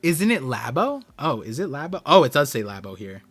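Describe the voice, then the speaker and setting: Excitable man reacting on a live stream. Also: mid-range voice. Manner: excitable, quick reactions and outbursts. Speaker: streamer and host. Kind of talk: live comic reading with reactions.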